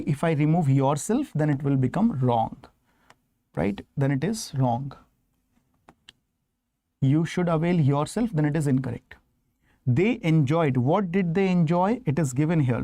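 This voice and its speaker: A man's voice: on the high side, dark tone, no room sound. Indian man teaching grammar online, dry sound. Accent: Indian English. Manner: explains step by step, asks students to confirm. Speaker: English teacher. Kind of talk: online exam-prep grammar lesson.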